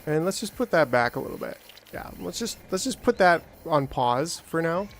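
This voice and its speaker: A man's voice: a little high, normal speed, slight background noise. Rambling, jokey man playing a game. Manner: rambling, self-talking, jokey with bursts of excitement. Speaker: gameplay streamer. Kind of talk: casual let's-play commentary.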